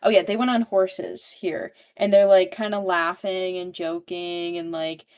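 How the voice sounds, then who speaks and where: A woman's voice: on the low side, level tone, measured pace, darkish tone, clear, resonant tone. Rambling woman recapping a book. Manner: rambling, filler-heavy with frequent "like". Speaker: podcast co-host. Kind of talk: casual book recap chat.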